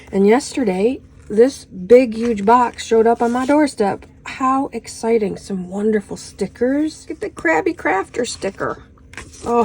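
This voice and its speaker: A woman's voice: medium pitch, dark tone, slight background noise, rough recording. A woman in her fifties chatting through an unboxing at home, gushing and exclamatory with lots of little "oh"s. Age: 50s. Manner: gushing, exclamatory, full of little "oh"s and "how fun"s. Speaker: crafting vlogger unboxing a haul. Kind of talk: casual unboxing chat.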